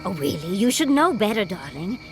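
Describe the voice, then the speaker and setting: A woman's voice: medium pitch, big pitch swings, brisk, over music. An actress voicing a flamboyant, eager woman scholar in a video game who talks in a theatrical way. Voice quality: theatrical, calls people darling. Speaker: scholar character.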